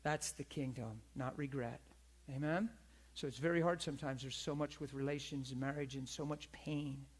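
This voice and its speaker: Husky man preaching a sermon. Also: mid-range voice, steady tone, normal speed. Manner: conversational storytelling with call-outs to the congregation.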